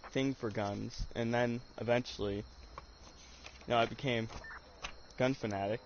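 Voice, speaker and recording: A teenage boy chatting while he plays an online game, rambling and joking with lots of fillers, on a headset mic. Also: mid-range voice. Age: teens. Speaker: gamer and streamer. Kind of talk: casual gaming chat. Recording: dull lo-fi sound, faint noise.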